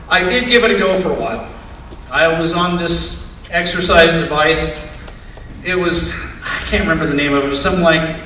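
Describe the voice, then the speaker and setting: A man's voice: fairly high pitch, pushed and bright, slight background noise. An older man doing stand-up comedy with wry storytelling and punchlines. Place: live comedy venue. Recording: echoey room, distant mic, faint ambience.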